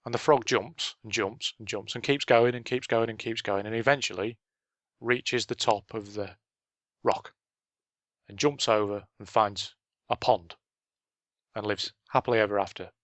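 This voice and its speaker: A man's voice: lowish voice, fairly even intonation, normal speed, fairly bright tone, no room sound. A man co-hosting a casual business chat, telling stories with dry punchlines. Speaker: podcast co-host.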